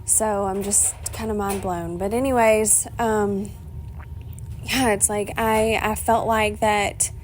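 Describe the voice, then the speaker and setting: Speaking slowly at medium pitch with fairly even intonation, a solo podcast host rambles in an emotional, chatty way. She laughs often, swears casually and seems close to tears, and there's slight background noise.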